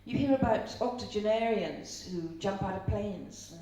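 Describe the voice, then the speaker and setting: Her voice is medium in pitch and dark in tone, moving at a moderate pace. She is a middle-aged Irish seminar speaker giving a chatty live talk full of stories and audience questions. The mic is far off, the room echoes, and there is a faint hum.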